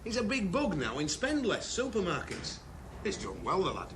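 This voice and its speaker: A man's voice: high-pitched, wildly swooping pitch, normal speed, fairly bright tone, full character voice. An actor playing a loyal, earnest Northern English rugby club man in a 1970s television drama, with a Northern English accent. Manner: earnest, defensive of his friend. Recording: noisy 1970s television soundtrack.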